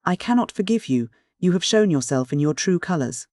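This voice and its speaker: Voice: mid-range voice, expressive, a little fast, a little mellow, no room sound, clean studio sound, voice pushed up, close to an everyday voice. A reader voicing a grieving young Victorian widow who is tearful and obstinate. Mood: cold.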